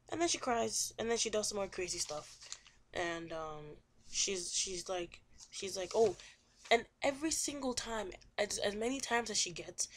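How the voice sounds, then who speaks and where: A woman's voice: mid-range voice, normal speed, a little hiss or hum. A young woman casually retelling a novel chapter in a chatty, rambling way, full of fillers and repeats. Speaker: student summarizing a novel chapter. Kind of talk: casual spoken book summary.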